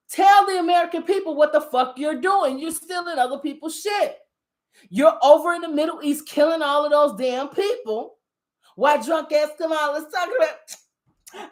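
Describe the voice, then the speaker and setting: A woman's voice: high-pitched, lively intonation, normal speed, a little mellow. A woman giving a heated, profanity-laced rant on current events, combative and emphatic as she talks straight to her viewers. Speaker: spiritual commentator on current events.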